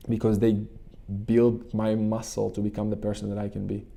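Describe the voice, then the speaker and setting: Low gravelly man, flat delivery. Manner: earnest, repetitive, halting restarts. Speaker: channel host and coach. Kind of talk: motivational talk with guided meditation.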